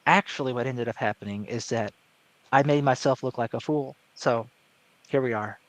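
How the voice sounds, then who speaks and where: A man speaking in an articulate, measured way during a casual panel chat, with no regional accent. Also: mid-range voice, no room sound. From American South. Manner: articulate, measured, with many fillers and restarts. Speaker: panel guest.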